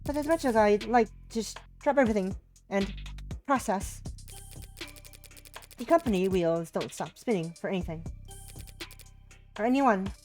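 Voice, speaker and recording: A woman's voice: medium pitch, lively intonation, normal speed, pauses often, darkish tone, faint music behind, voice pushed up, close to an everyday voice. A woman voicing a poised, formal female company executive, reading game dialogue aloud.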